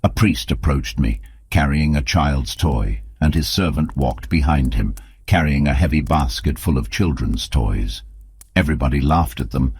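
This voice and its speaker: A man reading an audiobook as narrator in steady, measured scripted narration, on a close mic. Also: rumbling low, breathy edge.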